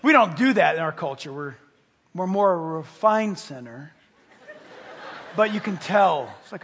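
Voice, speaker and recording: A man preaching a sermon, animated and playful, acting out little scenes and dropping into whispers for effect. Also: sits high, a little slow, long pauses, slight background noise. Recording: hall reverb, from a distance.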